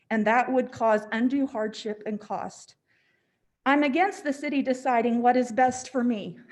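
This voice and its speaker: At a city council meeting, a woman with a somewhat high, slightly mellow voice reads a prepared public comment. She firmly repeats "I am against" as she lists one objection after another, sounding a little short of breath.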